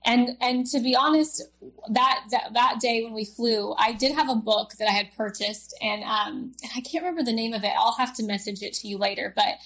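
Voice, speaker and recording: A young woman guest telling a personal story in an interview, halting and emotional, with many fillers. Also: fairly high pitch, a bit bright.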